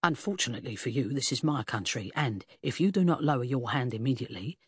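A reader doing a stern, icy police inspector. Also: male voice, medium pitch, animated, fast talker, fairly bright tone, slightly rough, no room sound, clean studio sound, voice pushed down. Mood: angry. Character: stern, angry police inspector, adult man.

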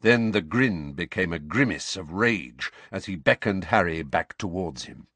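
A man narrating a story in an expressive, lively reading. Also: low voice, unhurried, no echo. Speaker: audiobook narrator.

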